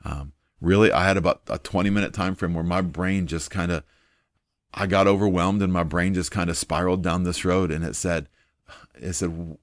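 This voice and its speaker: A man's voice: low voice, fairly even intonation, moderate pace, no room sound, clean studio sound. A man preaching an informal sermon in an earnest, conversational way, with frequent fillers.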